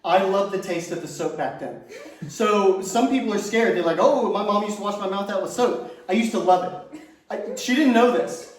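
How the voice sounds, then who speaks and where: A middle-aged man works through a stand-up set in a chatty, self-mocking way, laughing at his own jokes. His voice sits high. The recording is very echoey and picked up from well away from him. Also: moderate pace. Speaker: stand-up comedian. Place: large room on stage. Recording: echoey room from far off.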